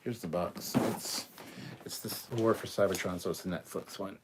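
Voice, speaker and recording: Laid-back low-voiced man reading chat. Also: fairly even intonation, normal speed, heavy background noise. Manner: laid-back, blunt, swears casually, laughs between comments. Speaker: host reading viewer chat. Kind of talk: casual livestream chat.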